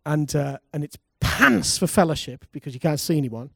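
A man, a pastor, preaching a lively sermon and calling on the congregation to respond. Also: a little high, moderate pace, vocal fry, no room sound, studio quality. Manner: animated preaching, calls for congregation responses, laughs.

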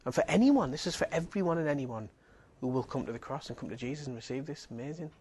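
A man's voice: medium pitch, lively intonation, quick pace, a little mellow, slight background noise. A man giving a sermon, earnest and emphatic, driving points home with repeated phrases. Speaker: preacher.

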